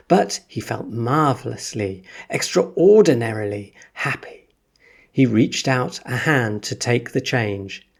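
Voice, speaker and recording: A man reading a children's story aloud for English learners in an expressive, unhurried way. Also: medium pitch, creaky. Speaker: story reader.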